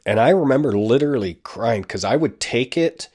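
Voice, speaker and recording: A man's voice: medium pitch, expressive, moderate pace, darkish tone, slightly rough. A man in his fifties, hosting a show, tells a rambling, self-deprecating story in a casual way, full of asides. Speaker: podcast host.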